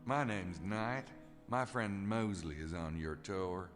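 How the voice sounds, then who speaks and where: A wry, nosy investigator in a game. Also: male voice, low-pitched, animated, slow pace. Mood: probing. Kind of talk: video game voice acting. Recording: reverberant game audio with music.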